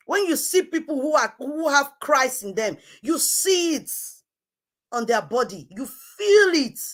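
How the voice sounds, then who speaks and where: A woman's voice: fairly high pitch, a bit bright. A woman hosting an online show, scolding someone in a heated, repetitive rant. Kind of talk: heated live-stream rant.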